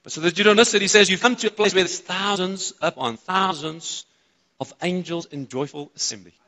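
Excitable South African pastor preaching. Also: male voice, high-pitched, fairly quick. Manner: excitable, interacts with the congregation. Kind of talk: sermon. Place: church auditorium. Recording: reverberant church hall.

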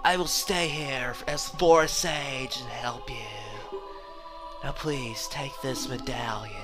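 A laid-back hippie forest sage from a video game drawls out every word very slowly, calling everyone "man", as an Australian man puts her on. The mellow delivery is gentle and unhurried, with the Australian accent under it. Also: mid-range voice, music in the background, natural voice.

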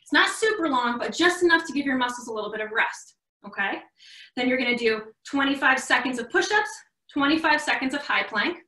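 A woman's voice: high-pitched, sharp tone, recorded from a distance. A young woman coaching a live online workout class, encouraging and a little out of breath, heard from across an echoey room. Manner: encouraging, upbeat instructions. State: slightly out of breath. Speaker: fitness coach.

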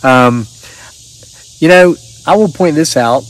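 A man's voice: fairly high pitch, slow pace. Give me a middle-aged man, rambling host voice, casual and folksy. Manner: rambling, folksy, restarts often. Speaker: channel host reading viewer stories. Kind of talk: casual chat and reading aloud.

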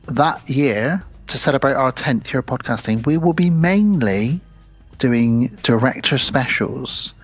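A man hosting a horror film podcast, chatting casually and rambling a little at his own expense. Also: mid-range voice. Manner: chatty, rambling, self-deprecating. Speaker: podcast host. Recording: slightly dull lo-fi sound.

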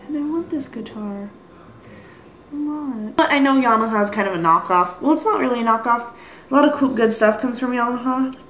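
A woman's voice: on the high side, roomy sound, rough recording. Rambling, apologetic young woman vlogger. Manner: rambling, apologetic, self-deprecating. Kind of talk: rambling casual vlog. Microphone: built-in computer mic.

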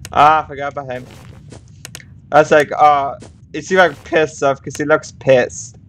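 A man's voice: fairly high pitch, level tone, moderate pace, long pauses, a bit bright, slight background noise. A man narrating his own gameplay, muttering and swearing at what happens on screen. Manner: profane, muttering reactions to the game. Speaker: gamer. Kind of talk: let's play commentary.

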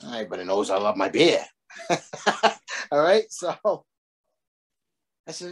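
A man's voice: medium pitch, sing-song, unhurried, long pauses, husky. A man telling a casual story, swearing freely and rambling with many restarts. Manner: profane, rambling, laughs while telling. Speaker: guest storyteller.

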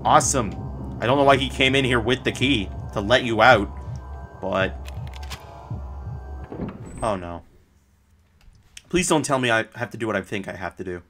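A man giving casual, profane commentary while he plays, swearing often and blurting out quick reactions. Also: mid-range voice, fairly bright tone, soft background music. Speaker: gameplay streamer.

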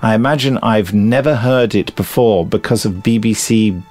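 A man co-hosting a podcast, chatting casually and reading listener emails aloud in a lively, amused way. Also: on the low side, moderate pace, faint music behind. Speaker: podcast co-host.

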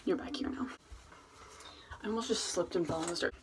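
Woman, lowish voice, rambling casual vlog, self-mocking mutters, noisy home recording. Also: a little fast. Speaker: vlogger. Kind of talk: casual chat. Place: at home, indoors.

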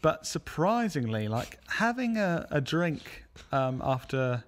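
A man's voice: a little high, big pitch swings, slow pace. A man from England co-hosting a podcast, telling rambling stories in casual chat and mimicking people he quotes. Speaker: podcast co-host.

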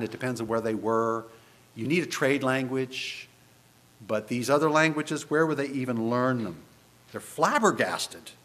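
Preaching in church, this male pastor speaks in a mid-range voice with an animated, conversational style. Rhetorical questions to the congregation come often.

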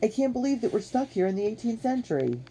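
A woman's voice: on the high side, sing-song, fast, warm tone, slight background noise, pitched above the performer's own voice. A woman voicing a gloomy young boy who sighs. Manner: sighing.

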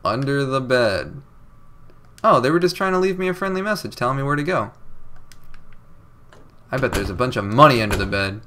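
A man's voice: medium pitch, expressive, normal speed, pauses often, bright, forceful tone. A young man doing casual let's play commentary, reading game dialogue aloud with a sarcastic, jokey manner. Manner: sarcastic, jokey, reads game text with odd inflections.

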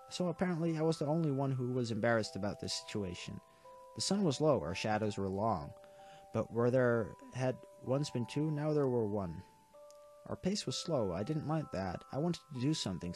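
A man's voice: medium pitch, darkish tone. A man reading a visual novel aloud for a let's play, earnest but stumbling and correcting himself now and then.

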